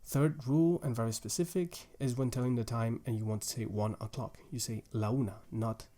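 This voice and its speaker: A man's voice: mid-range voice, steady tone, fairly quick, warm tone. Patient man teaching a language lesson. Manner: patient, methodical, explains rules step by step with restarts.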